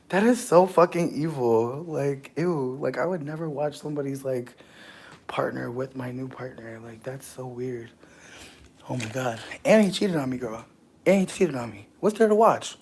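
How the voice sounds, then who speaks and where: A streamer high on weed gummies, rambling and swearing through casual late-night livestream chat, breaking into shrieking laughter. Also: sing-song, moderate pace, darkish tone, slightly rough.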